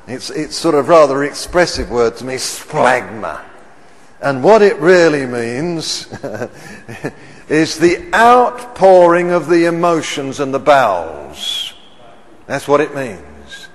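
Slow, booming preacher in a reverberant hall. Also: male voice, very animated. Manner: questions the congregation, swells loud on key words. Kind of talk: sermon.

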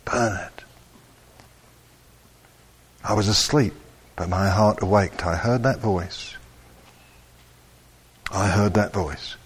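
A man preaching a sermon, slow and animated, rising to loud emphatic peaks. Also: deep voice, breathy edge.

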